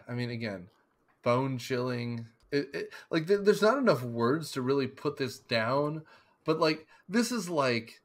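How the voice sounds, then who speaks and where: A man's voice: medium pitch, animated, a little slow. A man hosting a casual podcast discussion, rambling with many fillers and restarts, acting out scenes as he describes them. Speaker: podcast host.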